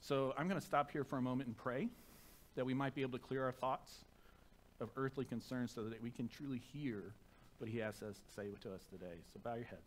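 Pastor, chatty sermon. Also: male voice, medium pitch, fairly even intonation, fairly quick, slight background noise. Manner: conversational and self-deprecating, with soft reverent prayer. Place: church sanctuary. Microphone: microphone.

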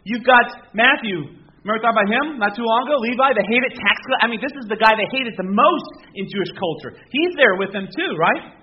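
A man with a fairly high voice delivers a casual, conversational sermon, peppering it with rhetorical questions and rising to emphatic bursts. The recording is dull and lo-fi. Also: expressive, fairly quick. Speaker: pastor.

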